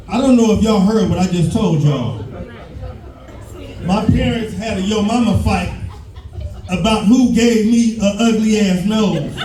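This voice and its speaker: A man in his fifties from Detroit, performing a loud, profane stand-up routine on a live stage, often shouting. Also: high voice, roomy sound, far from the mic, rough recording. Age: 50s. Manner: loud, profane storytelling, breaks into shouts and laughter. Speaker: stand-up comedian. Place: live show stage with audience.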